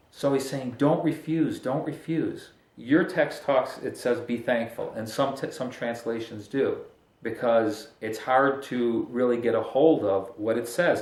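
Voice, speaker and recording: A man's voice: medium pitch, a little mellow, roomy sound. A man preaching a casual, conversational sermon as pastor, joking and breaking into emphatic bursts.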